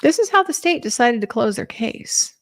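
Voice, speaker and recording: A woman's voice: fairly high pitch, sing-song, normal speed. A woman as a legal commentator, giving a casual trial recap in a conversational way with lots of filler words.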